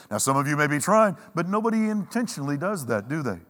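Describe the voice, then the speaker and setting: A man preaching a sermon, emphatic, with dramatic pauses and a slow, weighty delivery when he quotes scripture. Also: on the high side, fairly bright tone. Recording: long reverb of a large hall.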